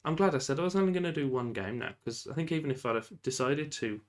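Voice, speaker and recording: A man giving lively, casual commentary while playing a football management game, often shouting at the referee and laughing. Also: mid-range voice, quick pace. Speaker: gaming YouTuber.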